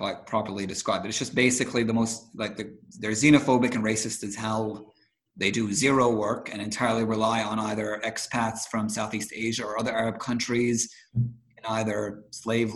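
A man's voice: lowish voice, low-quality recording. A man chatting casually, rambling with lots of fillers and restarts, telling stories of growing up in the Gulf. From grew up in the Gulf states. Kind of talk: casual chat.

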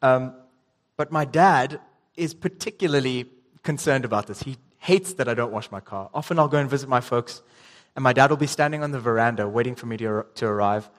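Young guy giving a sermon, mid pitch, chatty with lots of ums, big echoey hall. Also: animated, brisk. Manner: casual storytelling with ums and restarts. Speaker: preacher. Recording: long reverb in a hall.

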